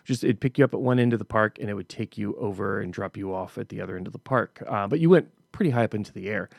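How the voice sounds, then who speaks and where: A middle-aged man talks through a personal story in a relaxed, reflective way, often restarting his sentences. His voice has a gravelly, creaky edge. The recording is close and dry, with no room sound. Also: lowish voice, quick pace, dry recording. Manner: conversational storytelling with frequent restarts. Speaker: podcast host. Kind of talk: casual reflective monologue.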